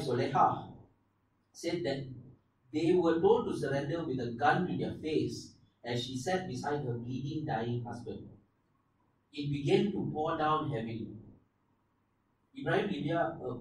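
A man's voice: fairly high pitch, lively intonation, unhurried. Malaysian man narrating in echoey room. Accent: Malaysian English. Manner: narrates events, then breaks into joking bits with laughs. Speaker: podcast co-host. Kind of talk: live comedy podcast storytelling. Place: live show venue. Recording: very echoey live room, mic distant, faint noise.

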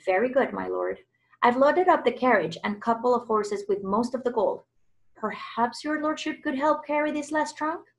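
A woman voicing a sly, servile male butler, speaking low and soft in a storybook reading. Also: lively intonation, normal speed, creaky.

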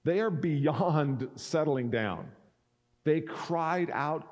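A man's voice: on the high side, very slow, a little mellow. A male pastor preaching a sermon, reading scripture and acting out the speakers' lines. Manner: expository preaching that acts out speakers' words.

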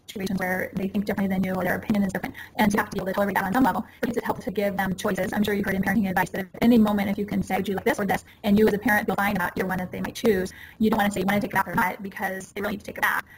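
A woman in her forties speaks as a guest in an interview, rattling through her advice at a very fast clip. She keeps it casual and earnest and acts out short quotes along the way. A steady background noise runs under her voice. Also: mid-range voice. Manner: rapid, earnest, explaining with acted-out quotes. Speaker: parenting consultant, guest.

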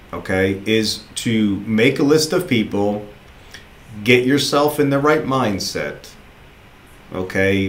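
Man coaching recruits in a roomy space. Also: mid-range voice. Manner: casual, encouraging, repeats himself. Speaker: sales recruiter trainer. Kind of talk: motivational training talk.

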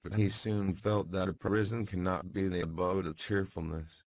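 A man narrates a classic novel in the first person with a deep, low voice and formal, measured phrasing. The recording is dry and close-miked. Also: flat delivery, dry recording, low-quality recording. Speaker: audiobook narrator. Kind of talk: scripted narration.

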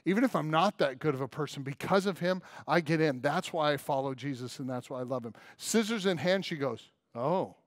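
Man, pastor preaching, high voice, dry close sound, storytelling with acted dialogue, emphatic. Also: fairly quick, few pauses, dry recording. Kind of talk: sermon. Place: church.

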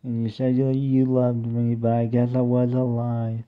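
A young man performing a homemade song, half sung and half spoken, in a plaintive, drawn-out way. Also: mid-range voice, clean tone. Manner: plaintive, slow, mostly flat talk-singing with drawn-out "ooh" cries. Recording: tinny phone-like recording.

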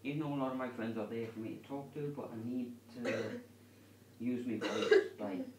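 A man venting into his camera at home, swearing and shouting hard, with a lung problem straining his voice. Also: lively intonation, normal speed, recorded from a distance, a little hiss or hum. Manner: low muttering, then furious screaming rant. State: lung problem, worried about losing voice. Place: bedroom at home, window closed. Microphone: camera in the room.

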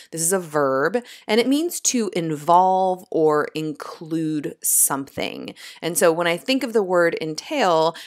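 A middle-aged woman teaching vocabulary words, explaining each one clearly with everyday examples. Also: low voice, a bit bright. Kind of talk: vocabulary lesson.

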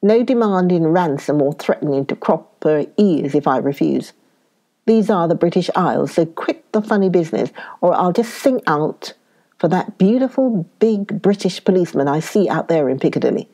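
A woman's voice: fairly low pitch, animated, normal speed, mellow. A woman voicing a blunt, pugnacious young American man who talks in a brash, demanding way. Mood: suspicious.

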